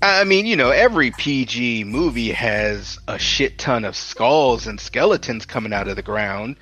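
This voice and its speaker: A man co-hosting a casual movie podcast, animated, acting out scenes and laughing often. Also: medium pitch, moderate pace, soft background music. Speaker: podcast co-host. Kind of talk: casual review chat.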